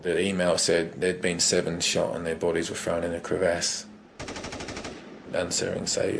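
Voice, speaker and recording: A man in an interview, recounting events in a hesitant, halting way. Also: low-pitched, monotone, gravelly, background noise. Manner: hesitant, with fillers and restarts. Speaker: interviewee, expedition assistant. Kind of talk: interview testimony.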